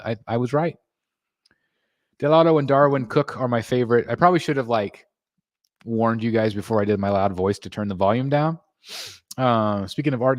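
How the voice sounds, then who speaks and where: A man hosting a casual collecting live stream from his home, reading viewer comments aloud and thanking members, his voice jumping up when he gets excited. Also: no echo, clean studio sound. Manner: excitable, jumps in pitch when greeting members. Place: home room.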